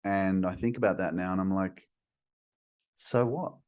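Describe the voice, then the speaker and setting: A man with a very low voice, reflecting in a casual conversation as host. He muses aloud and builds his point with a string of rhetorical questions. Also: steady tone, brisk, darkish tone, clean tone.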